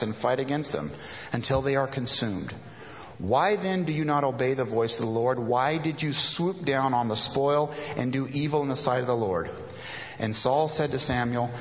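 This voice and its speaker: Man preaching in an echoing hall. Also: medium pitch. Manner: reads scripture aloud, breaks off to explain and paraphrase. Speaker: pastor. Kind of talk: sermon with scripture reading. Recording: reverberant hall, dull lo-fi sound.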